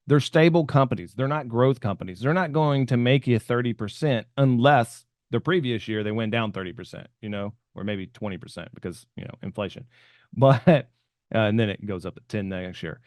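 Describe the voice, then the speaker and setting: A man talks through investing ideas on a podcast at an easygoing pace, thinking out loud and letting his sentences fade at the end. His voice sits in an ordinary middle range. The recording is dry and close, with no room sound. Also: medium pitch, fairly quick, dry recording. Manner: conversational, thinking aloud, trailing off softer at the ends of points. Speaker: podcast co-host explaining options trading. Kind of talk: casual explanatory podcast talk.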